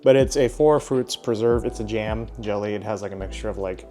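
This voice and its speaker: A man's voice: fairly low pitch, brisk, warm tone, soft background music. A young adult man chatting casually as he walks through his day of meals, upbeat and joking in asides. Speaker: fitness vlogger. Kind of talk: casual vlog narration.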